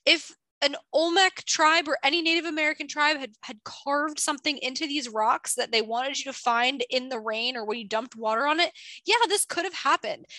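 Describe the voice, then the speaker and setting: A woman's voice: high-pitched, bright, forceful tone, no echo. A woman co-hosting a podcast, chatting casually and animatedly about science, with lots of filler words. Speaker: podcast co-host.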